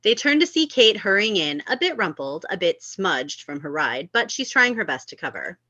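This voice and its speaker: A woman reading stage directions at a table read, expressive with amused asides. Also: mid-range voice, moderate pace, no room sound. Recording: dull lo-fi sound.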